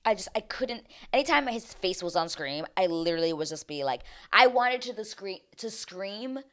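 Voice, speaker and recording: A woman talking casually as a vlogger, recapping a reality show in an animated, sarcastic way with exaggerated outbursts. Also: mid-range voice, normal speed.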